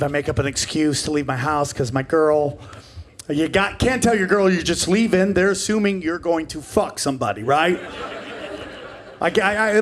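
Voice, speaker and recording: A man in his forties doing a stand-up comedy set on a club stage, brash and profane, jumping into characters in quick bursts. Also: a little high. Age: 40s. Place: comedy club stage before a live audience.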